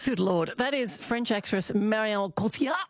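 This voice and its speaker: A woman's voice: mid-range voice, moderate pace. A woman comedian on a radio show, chatting enthusiastically and giggling. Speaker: comedian guest. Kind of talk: casual radio chat.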